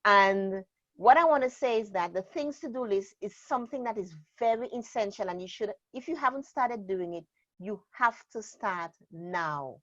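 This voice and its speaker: A woman trainer explaining a method in an interview, speaking deliberately and stressing key words. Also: fairly high pitch, expressive. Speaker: productivity trainer. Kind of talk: instructional interview talk. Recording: slightly dull lo-fi sound.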